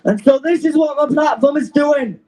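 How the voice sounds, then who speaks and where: A young man, a student activist, giving an impassioned, defiant speech to an outdoor rally, shouting and out of breath. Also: very high voice, moderate pace, background noise. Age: young adult.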